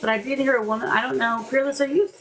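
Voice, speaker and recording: A woman's voice: high voice, steady tone, fast talker, slight background noise, low-quality recording. A woman hosting a live paranormal investigation, calling out to spirits and answering viewers by name. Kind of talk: live ghost-hunt chat.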